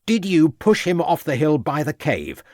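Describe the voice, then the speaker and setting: A man's voice: a little high, big pitch swings, moderate pace, darkish tone, dry recording, studio quality, pitched above the performer's own voice. A man voicing a stern police inspector who questions firmly and with threats.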